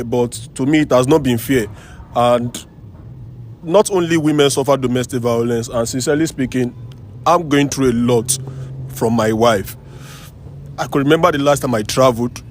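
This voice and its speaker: A man, a guest on a talk show, telling his personal story in an emotional, halting way and repeating himself. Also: mid-range voice, slight background noise.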